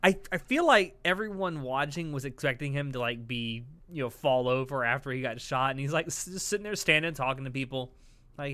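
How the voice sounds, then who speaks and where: A man's voice: mid-range voice, brisk, sharp tone, clean tone, no room sound. A man co-hosting a casual podcast, animatedly recapping an episode and swearing freely as he acts out quoted lines. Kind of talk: casual chat.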